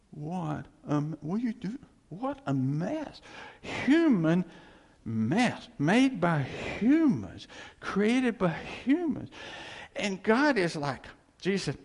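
A man's voice: a little high, vocal fry, darkish tone. A man preaching a sermon as a pastor, emphatic and repetitive, with chuckling asides. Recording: echoey hall reverb.

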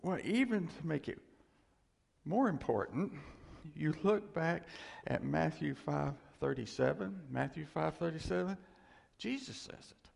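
A man's voice: a little high, expressive, measured pace, a little mellow. A man giving an informal, conversational sermon as preacher, rambling and restarting often. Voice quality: gravelly, breathy. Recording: long hall reverb.

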